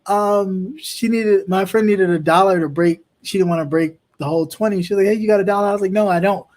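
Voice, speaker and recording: A man's voice: high voice, a little fast, a little mellow. A man hosting a political talk show, speaking with impassioned, emphatic repetition. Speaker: host.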